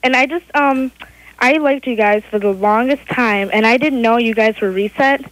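A sixteen-year-old girl calling a radio show, gushing excitedly about a band. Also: fairly high pitch, normal speed, rough recording. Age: teens. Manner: excited, gushing fan talk. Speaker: caller. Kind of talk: phone-in call.

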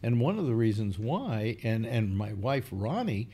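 An older man hosting a casual talk, rambling through stories with plenty of fillers. His voice is low, dark and a little husky, with a lively rise and fall. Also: unhurried. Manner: rambling, animated storytelling with many fillers. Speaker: host. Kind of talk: casual chat.

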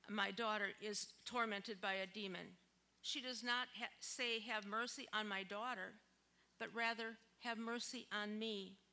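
A woman pastor delivering a sermon in a church, measured and earnest, with occasional restarts. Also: fairly high pitch, pushed and bright.

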